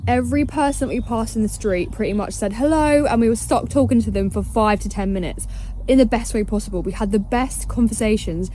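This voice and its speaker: A woman's voice: a little high, fairly quick, dark tone, slight background noise. A woman listing travel observations to camera, upbeat and in countdown style. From Britain. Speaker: travel vlogger.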